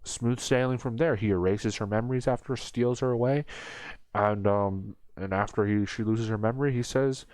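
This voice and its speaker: Young male reviewer, low register, crude rambling sarcasm, dry close mic. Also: moderate pace, darkish tone, no room sound. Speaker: anime reviewer. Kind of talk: casual comedic commentary.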